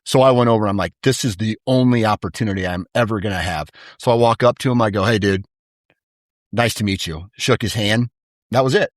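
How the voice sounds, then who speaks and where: A man with a fairly low voice tells stories in a loose, laid-back podcast chat, animated and peppered with "dude." The sound is close and dry, with no room around it. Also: brisk, dry recording. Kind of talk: casual chat.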